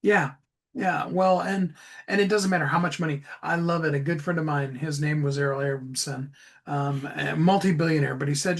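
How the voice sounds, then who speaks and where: Upbeat guy hosting a chat, kinda higher voice, always affirming. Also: steady tone, moderate pace, gravelly. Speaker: podcast host. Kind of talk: casual interview chat.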